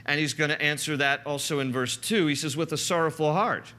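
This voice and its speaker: A man's voice: fairly high pitch, fairly quick, pushed and bright. A man preaching a conversational sermon as a pastor, teaching through a passage and rising in emphasis when he quotes.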